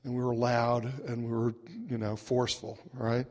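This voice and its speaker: A man speaks at a recovery gathering in a wry, conversational way, chuckling through his story and tossing in little asides. His voice sits in an ordinary middle pitch. It rings out with the long reverb of a large hall, as heard through a PA microphone. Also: monotone, normal speed, a little mellow. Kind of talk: humorous personal storytelling talk.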